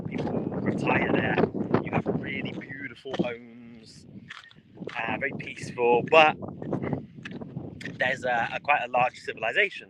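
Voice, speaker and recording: British male travel streamer, rambling casual delivery, handheld outdoors with clear noise behind. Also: medium pitch. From United Kingdom. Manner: rambling, chatty, with frequent fillers and restarts. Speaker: travel vlogger livestreaming. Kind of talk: casual walking livestream. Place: outdoors in a rural mountain village.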